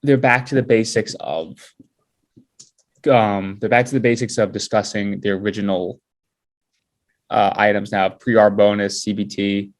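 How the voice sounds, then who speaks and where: A man with a low-pitched voice talks in a laid-back way on a podcast. He drops dry, self-mocking remarks between plain explanations. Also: level tone, unhurried, long pauses. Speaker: podcast co-host. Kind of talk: casual chat.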